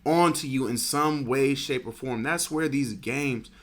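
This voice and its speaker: A man's voice: medium pitch, a little slow, fairly bright tone. A man co-hosting a casual podcast chat, talking frankly and swearing freely. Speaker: podcast co-host.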